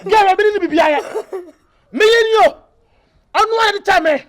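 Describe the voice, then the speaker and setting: An actor playing a shrill, excitable comic character who chants the same words over and over. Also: moderate pace, a little hiss or hum. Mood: excited. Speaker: film character.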